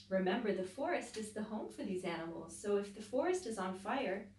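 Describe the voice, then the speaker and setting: A woman teacher reading a picture book aloud to children, pausing to explain things as she goes. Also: medium pitch. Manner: slow, expressive storytelling with explanatory asides. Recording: roomy echo, voice from a distance.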